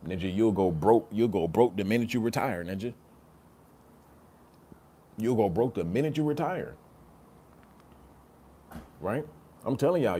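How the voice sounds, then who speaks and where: A man's voice: lowish voice, mellow, slight background noise. A man hosting a casual livestream, reading chat comments and talking in an emphatic, slangy way, repeating himself and tagging his points with "right?". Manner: repetitive, emphatic, slangy, rhetorical "right?" tags.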